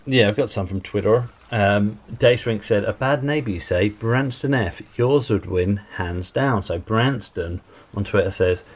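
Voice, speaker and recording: Low-voiced podcast co-host. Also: male voice, unhurried, breathy edge. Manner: easygoing, laughing agreement. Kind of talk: casual chat.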